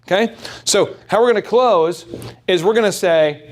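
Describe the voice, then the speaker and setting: Man, business coach, high voice, emphatic, rhetorical questions, faint hiss. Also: animated, fairly quick. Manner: emphatic, repeats key points, rhetorical questions. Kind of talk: motivational workshop talk.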